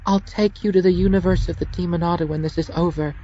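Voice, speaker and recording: A man's voice: high voice, steady tone, quick pace, mellow, muffled recording, a little hiss or hum, pitched above the performer's own voice, lightly acted. A man voicing a seductive, treacherous demon woman in an audiobook, speaking in a sugary, coaxing tone. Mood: sweet, menacing. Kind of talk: audiobook character voice.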